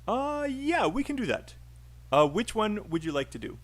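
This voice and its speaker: A man's voice: high voice, very animated, moderate pace. A man teaching a live online English speaking class, encouraging and laughing often.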